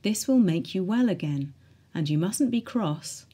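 A woman's voice: medium pitch, animated, unhurried, warm tone, breathy edge. A woman voicing a firm but soothing ward sister.

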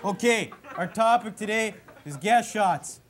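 A man's voice: high-pitched, animated, measured pace, very noisy, voice pushed up. A man playing a dim-witted, beer-loving Canadian guy with a Canadian accent, drawling with "eh" and "like" in a comedy bit on a talk show. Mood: goofy. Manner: drawling, peppered with "eh" and "like". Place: TV studio with audience.

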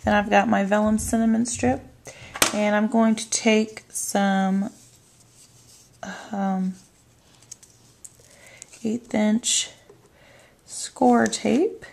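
Woman crafting instructor, unhurried, gravelly voice, calm step-by-step delivery. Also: medium pitch, slight background noise. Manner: calm, narrating her hands-on work. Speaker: card-making demonstrator.

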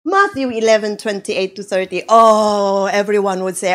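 Slow-preaching woman pastor. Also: medium pitch. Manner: slow, animated preaching with acted-out quotes. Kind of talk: sermon.

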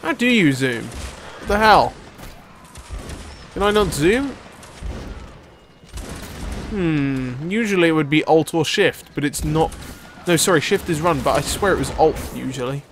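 A young man giving excitable, rambling let's-play commentary as he plays, swearing casually. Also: a little high, a little slow, pauses often, a little hiss or hum. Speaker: gaming video host.

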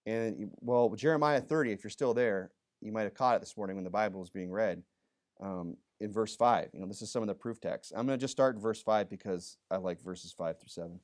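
A man's voice: on the low side, brisk. A male pastor preaching a sermon in a church, talking conversationally and reading scripture aloud in a raised voice. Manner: conversational, frequent "you know" and "okay?", reads scripture louder. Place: church sanctuary.

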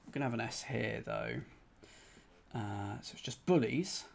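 A man's voice: mid-range voice, unhurried, vocal fry, a little hiss or hum. A man solving a cryptic crossword live on stream. He thinks aloud, spells out letters one by one and talks to his chat.

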